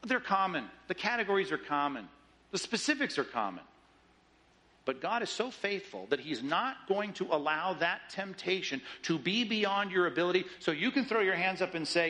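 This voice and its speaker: A man preaching a sermon in an animated way, acting out the voices of doubters as he reads and explains scripture. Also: high voice, normal speed, poor audio. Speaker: pastor.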